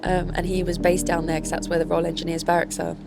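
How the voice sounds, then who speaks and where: A woman's voice: fairly low pitch, monotone, fast, vocal fry, over loud music. A young woman from Northern Ireland and Kent, chatting casually to camera in a rambling way and swearing freely. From born in Northern Ireland, grew up in Kent, England. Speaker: vlogger.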